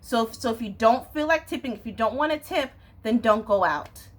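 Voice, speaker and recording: A woman's voice: on the high side, lively intonation, brisk. A young woman venting in a casual, exasperated rant to camera, swearing and often asking "you know what I'm saying". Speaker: vlogger.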